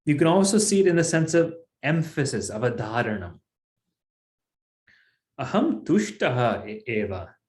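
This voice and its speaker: A man's voice: medium pitch, very animated, normal speed, pauses often, a little mellow, roomy sound. A man teaching a Sanskrit class, explaining patiently step by step. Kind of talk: online language class.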